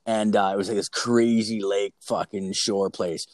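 Low-voiced young man telling a rambling story. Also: fairly even intonation, normal speed, a little mellow. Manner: rambling, profane, full of fillers. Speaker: storyteller in a chat. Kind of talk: casual chat.

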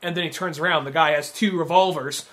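A man's voice: fairly high pitch, steady tone, fast talker, fairly bright tone. A young man co-hosting a podcast, rambling loosely through a film discussion with lots of fillers. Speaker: podcast co-host.

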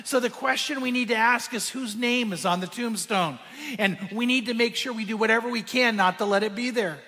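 A man preaching a sermon. He tells a quiet, hushed story and then rises into emphatic preaching. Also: fairly quick, in a large hall. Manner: drops to a hushed, quiet voice when telling a moving story; rises to higher, emphatic preaching when making points. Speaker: pastor.

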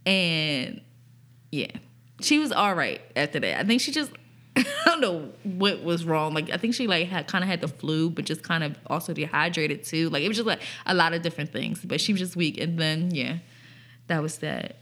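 A young woman tells a story on a casual podcast, her voice sitting on the lower side. She talks in an animated rush, swearing and leaning on "like" fillers. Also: normal speed. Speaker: podcast co-host.

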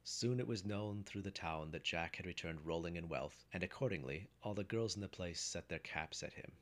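Reading an old folk tale aloud, this very deep-voiced male narrator keeps a measured, even delivery. He sounds like an experienced storyteller.

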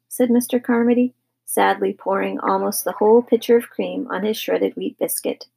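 A woman narrating a children's audiobook in a gentle, measured way. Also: mid-range voice, creaky, breathy edge, rough recording.

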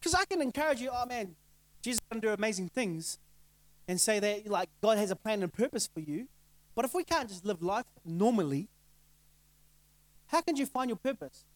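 A man's voice: sits high, sing-song, moderate pace, pauses often, no room sound, low-quality recording. A middle-aged male pastor giving a casual sermon, conversational and laughing often, asking the crowd rhetorical questions. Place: church.

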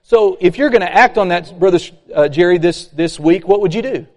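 A man preaching a sermon, folksy and animated, acting out complainers. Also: sits high, fairly quick. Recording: long hall reverb.

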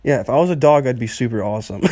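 A man's voice: mid-range voice, racing, warm tone, no echo. A young man hosting a solo podcast, rambling and swearing freely and laughing at his own jokes. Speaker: podcast host. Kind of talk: casual solo podcast rant.

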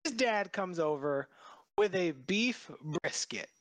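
A podcast co-host tells a kitchen mishap with an animated, laughing delivery. His voice swings widely up and down as he talks. The recording is dry and close, with no room sound. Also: high voice, slow pace, no echo. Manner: animated, laughs between phrases. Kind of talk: casual storytelling chat.

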